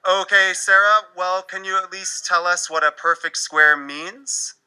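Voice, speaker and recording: A man's voice: sits high, steady tone, unhurried, sharp tone, smooth, pitched above the performer's own voice, full character voice, low-quality recording. A man voicing an upbeat, encouraging male math teacher calling on students. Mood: cheerful.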